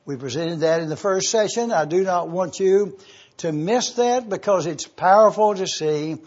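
A man teaching a Bible study, slow and deliberate, repeating key words for emphasis. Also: high voice, a little mellow. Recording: dull lo-fi sound.

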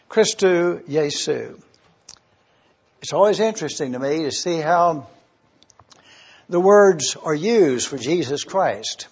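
A man preaching as a pastor in a Bible study, slow and deliberate, repeating key words. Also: sits high, a little mellow, husky. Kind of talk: sermon-style Bible exposition. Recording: dull lo-fi recording.

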